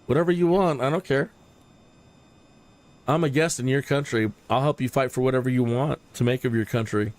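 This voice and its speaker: A man's voice: medium pitch, a little fast, darkish tone. Rambling opinionated man streaming. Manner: rambling, opinionated, repeats words. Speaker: flight sim streamer. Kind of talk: casual livestream commentary.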